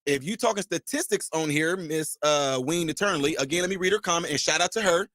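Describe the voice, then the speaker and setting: A middle-aged man hosting a call-in stream, talking in an animated, emphatic way. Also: on the high side, quick pace, no room sound, clean studio sound. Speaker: host taking callers. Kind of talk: livestream commentary.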